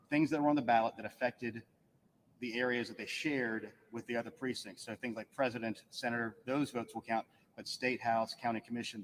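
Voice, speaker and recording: A man's voice: mid-range voice, slight background noise. A man, an election official giving a matter-of-fact press briefing and reading out figures with dry asides. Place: press room. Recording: echoey hall with faint room ambience.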